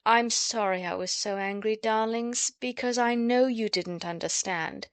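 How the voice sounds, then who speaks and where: A woman voicing a gentle but firm mother of three, speaking slowly and with measured weight. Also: a little high, smooth, no echo, natural voice.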